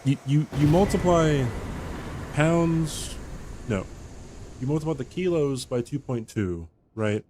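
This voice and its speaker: A man's voice: fairly high pitch, slow, long pauses, background noise. Chatty man streaming a game. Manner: joking, chatty, reads chat aloud and banters. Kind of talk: casual live-stream chat while gaming.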